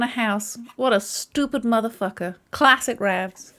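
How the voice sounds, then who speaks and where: A woman's voice: a little high, measured pace, a bit bright. A British woman live-streaming a courtroom game, chatty and self-mocking, laughing often. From Britain.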